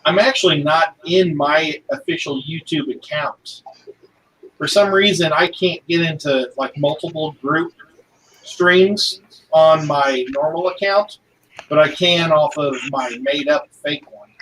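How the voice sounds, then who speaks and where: Playful higher-voiced man on a distant mic. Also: a little slow, fairly bright tone. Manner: playful, joking, self-deprecating. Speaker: guest on a group stream. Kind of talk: casual chat. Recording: distant mic with faint background noise.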